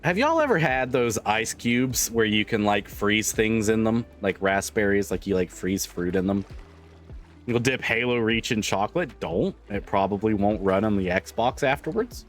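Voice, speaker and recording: A man's voice: on the low side, animated, normal speed, soft background music. A man livestreaming, chatting casually with viewers, laughing often, swearing freely and rambling through restarts. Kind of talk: casual chat with stream viewers.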